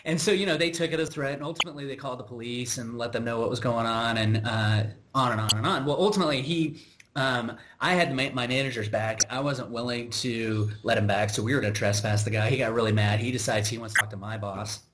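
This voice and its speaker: Talking fast in a mid-range voice over background noise, an American podcast host tells a work story. It's casual, conversational, and exasperated, with plenty of restarts and asides as he rambles.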